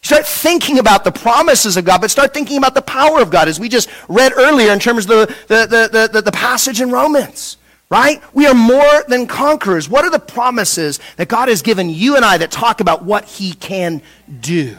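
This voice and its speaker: A middle-aged male pastor from Southern California preaching a sermon in an animated, conversational way, acting out quotes and often restarting his sentences. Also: very high-pitched, normal speed.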